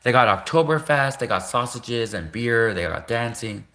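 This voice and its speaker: A man's voice: medium pitch, animated, normal speed, sharp tone. A man, rambling through a casual livestream monologue and often repeating and restarting himself. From Canada. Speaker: livestream host.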